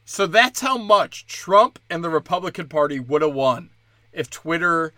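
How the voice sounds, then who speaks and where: A man delivers a heated, profane rant with a tense, bright edge to his voice. He sits slightly high for a man and often lurches into quick mocking impressions. The sound is dry and close, with no room around him. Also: lively intonation, no room sound. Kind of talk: ranting monologue.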